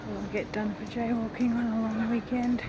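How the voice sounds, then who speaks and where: This walking-tour vlogger has a fairly high, level voice at a moderate pace, and the audio sounds dull. She rambles casually while holding her camera outdoors on crowded town streets, where loud traffic and street noise fill the background.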